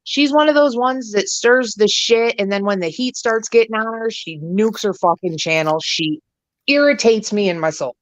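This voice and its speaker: A woman co-hosting a livestream chat show, telling gossip in a profane, animated way. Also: medium pitch, normal speed, dry recording. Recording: dull lo-fi stream audio.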